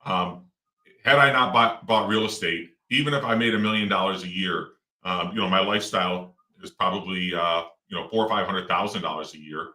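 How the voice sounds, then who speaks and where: A middle-aged real estate investor talks in a loose, rambling way, full of fillers and false starts. His voice sits low but sounds bright and forceful. The mic is far from him, in a roomy, echoing space. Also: a little fast. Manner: rambling, with many fillers and restarts. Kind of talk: casual interview talk. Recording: roomy echo, distant mic.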